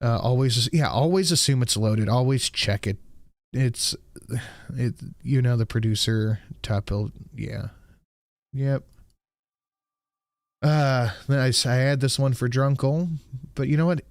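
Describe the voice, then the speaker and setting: A man's voice: medium pitch, measured pace, pauses often, no room sound, studio quality. A man hosting a live stream, reacting to clips in a casual, sarcastic way and swearing freely.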